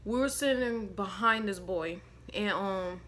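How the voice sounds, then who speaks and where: A woman's voice: mid-range voice, measured pace, a bit bright, a little hiss or hum. A woman casually telling a rambling, slangy story to her viewers, laughing along as she goes. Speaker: storytime vlogger.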